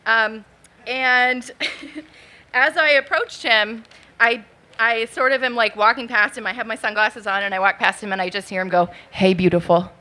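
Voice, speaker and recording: A woman in her thirties tells a true story on a bar stage, talking into a mic. She sounds nervous and chatty, and her many fillers keep her casual. Her voice is bright and fairly high. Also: normal speed. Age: 30s. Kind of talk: live spoken storytelling. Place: bar stage at a live event.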